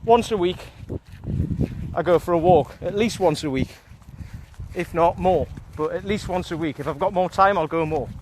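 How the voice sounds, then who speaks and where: A man with a notably high voice, a little winded as he walks outside. He rambles and repeats himself in a casual, chatty way. A faint hiss of background noise sits under his voice, picked up by a phone he holds in one hand. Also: moderate pace. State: out of breath. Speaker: kettlebell coach. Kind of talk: casual walking vlog. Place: outdoors on a walk. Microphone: phone held in hand.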